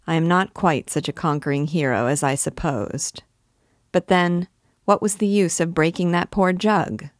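A woman's voice: fairly low pitch, moderate pace, no echo, clean studio sound, natural voice. Woman reading as an earnest, wordy young poet. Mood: pleading.

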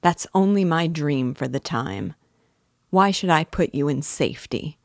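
A woman voicing a shrewd middle-aged male magistrate who presses his point in a measured, quietly insistent way. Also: low voice, animated, vocal fry, no room sound, studio quality, full character voice. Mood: calmly pressing.

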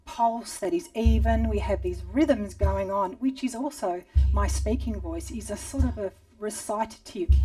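A woman teaching a rhythm lesson, calmly guiding movement and chanting syllables. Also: medium pitch, far from the mic. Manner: calm, slow guiding speech mixed with chanted syllables. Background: drum beat.

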